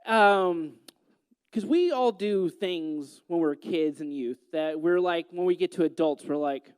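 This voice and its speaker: High-voiced man telling a teasing story. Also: unhurried, clear, resonant tone, dry recording. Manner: playful, teasing the audience. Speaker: youth speaker. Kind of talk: joking storytelling talk.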